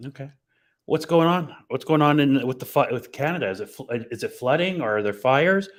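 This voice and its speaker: A man co-hosting a casual live chat show. He jokes around in an easygoing, unhurried way and asks friendly questions. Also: medium pitch, expressive. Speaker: podcast co-host.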